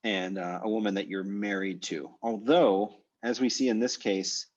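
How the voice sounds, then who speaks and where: A man with a somewhat low voice teaches a language class over a video call. He thinks aloud, pausing on fillers and restarting sentences. The call audio sounds slightly muffled. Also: steady tone. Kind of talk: online class discussion.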